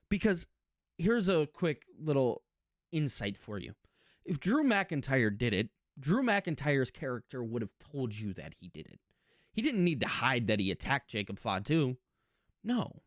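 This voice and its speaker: A man with a middle-pitched voice talks through a wrestling recap in a chatty, emphatic way, often doubling his words when he gets excited. The recording is dry and close, with no room sound. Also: unhurried, no room sound. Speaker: wrestling commentary channel host. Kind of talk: casual recap and opinion monologue.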